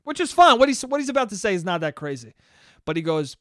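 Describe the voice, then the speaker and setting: A man's voice: sits high, sing-song, fast talker, a bit bright, dry recording, studio quality. A young man hosting a casual solo podcast, rambling sarcastically and swearing often. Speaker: podcast host.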